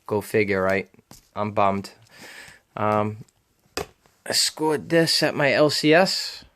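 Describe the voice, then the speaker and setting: A man's voice: fairly low pitch, expressive, slow pace, a bit bright, slight background noise. A man with a Boston accent chatting casually in a show-and-tell vlog, rambling with frequent ums and uhs as he talks about his comic collection.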